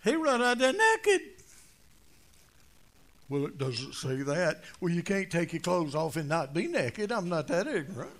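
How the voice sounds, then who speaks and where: An older man preaches in a folksy, joking way, his voice sitting high for a man. He drifts into low, quiet asides, then climbs to loud, punchy declarations when he drives a point home. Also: very animated, moderate pace, hardly any pauses, a little hiss or hum. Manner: storytelling with jokes, swings from low asides to loud emphatic points. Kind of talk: folksy humorous sermon.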